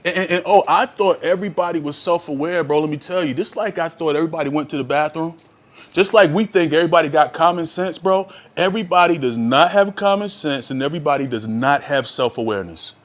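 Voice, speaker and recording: Emphatic higher-voiced man saying "bro". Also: quick pace. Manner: emphatic, punchy, ends lines with bro. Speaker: podcast co-host. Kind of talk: casual podcast conversation.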